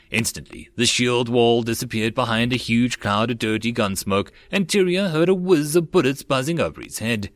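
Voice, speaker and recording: Male audiobook narrator, steady reading, mid-pitched, dry close recording. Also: no echo.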